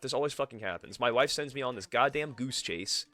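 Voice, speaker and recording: A man's voice: medium pitch, lively intonation, a little fast, hardly any pauses, sharp tone, faint music behind. A man streaming a game live, swearing freely and chatting with his viewers and his cat. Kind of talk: live gameplay commentary.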